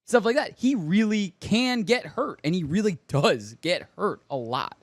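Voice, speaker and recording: A man's voice: high-pitched, lively intonation, measured pace, no room sound. A man co-hosting a casual pop-culture podcast, giving eager, rambling explanations. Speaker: podcast co-host. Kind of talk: casual chat.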